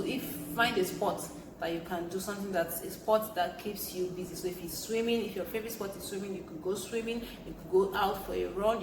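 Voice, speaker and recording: A young woman speaks to camera in a casual vlog, earnest and emphatic, repeating her points for weight. Her voice sits a little low. The room is echoey, with a faint hum of ambience behind her. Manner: earnest, repetitive, emphatic, with soft laughs. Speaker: vlogger.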